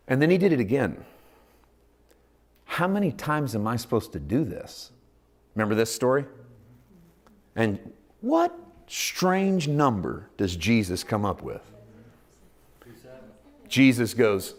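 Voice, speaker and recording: A man preaching a sermon as pastor, dropping to hushed asides, rising to loud emphatic points, and acting out quoted voices. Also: mid-range voice, sing-song, a little slow, pauses often. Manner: acts out quoted voices in dialogue.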